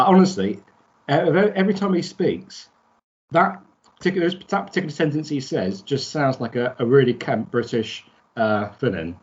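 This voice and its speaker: A man co-hosting a podcast in casual chat, rambling with halting restarts. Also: medium pitch, a little mellow. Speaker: podcast co-host. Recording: dull lo-fi sound.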